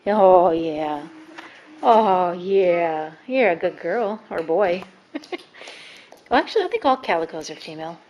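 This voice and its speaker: A woman's voice: on the low side, expressive, unhurried, long pauses, lo-fi sound, a little hiss or hum. A woman filming her young son at home, narrating and coaxing him and a cat in a sing-song voice. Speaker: mother filming her child. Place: at home with a couch.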